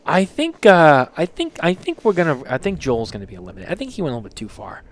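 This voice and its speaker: A man's voice: on the high side, huge pitch swings, quick pace. A man hosting a casual show, reading listener submissions aloud and reacting with loose, joking, profane commentary. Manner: loose, joking, swears freely, reads out and reacts. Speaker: podcast host.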